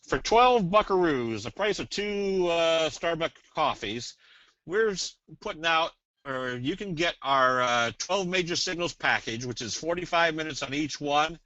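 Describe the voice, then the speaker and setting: Folksy guy running a trading webinar, bright voice, dull dry lo-fi sound. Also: on the high side, lively intonation, measured pace, no room sound. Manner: folksy, rambling, tells jokes. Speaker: webinar presenter. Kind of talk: casual webinar teaching with a sales pitch.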